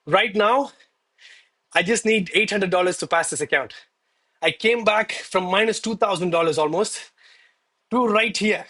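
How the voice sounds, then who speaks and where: Breathless, hyped man with a high voice. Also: fairly bright tone. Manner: hyped, exclaiming, addresses chat as bro. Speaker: live-stream trader. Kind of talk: excited live-stream chat. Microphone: headset.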